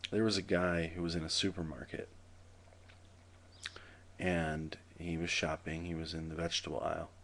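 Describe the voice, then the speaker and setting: Dry-humored man with a deep gravelly voice. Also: fairly bright tone, slight background noise. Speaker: vlogger telling jokes. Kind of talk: casual joke telling to camera. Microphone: camera mic.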